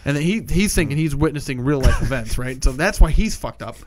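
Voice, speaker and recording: A man's voice: mid-range voice, animated, fairly quick, no room sound. A man co-hosting a casual movie review podcast, rambling and profane, slipping into silly voices for the characters. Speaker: podcast co-host.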